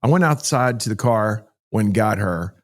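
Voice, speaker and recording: A man's voice: fairly low pitch, moderate pace. A man, a pastor telling a rescue story in an interview and acting out the voices of the people in it. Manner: animated storyteller, acts out quoted voices.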